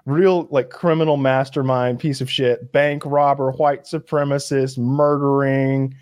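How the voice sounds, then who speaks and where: A man talks in a loose, rambling way, stacking fillers and false starts as his enthusiasm builds. His pitch sits mid-range, and the sound is dry and close to the mic, with no room echo. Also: flat delivery, a little slow, darkish tone. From Kentucky. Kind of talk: casual chat.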